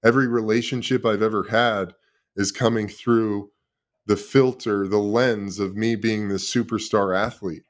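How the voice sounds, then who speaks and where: A man in his thirties speaks in a low, deep register. He tells his own story as an interview guest. He sounds confessional and emotional and swears freely. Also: fairly even intonation, unhurried. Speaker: podcast guest, former pro football player. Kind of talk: candid personal storytelling.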